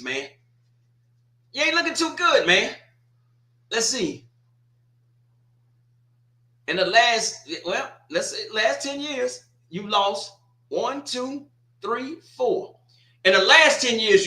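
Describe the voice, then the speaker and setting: A man's voice: sits high, expressive, slow, pauses often, bright, forceful tone, echoey room. A man hosting a casual sports talk stream, teasing and trash-talking a team and repeating his points. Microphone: streaming setup.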